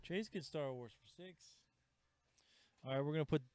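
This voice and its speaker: A man hosting a live comic shop sale, chatting casually and pitching items with asides. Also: normal speed, darkish tone, smooth, dry recording. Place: comic store. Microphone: livestream camera mic.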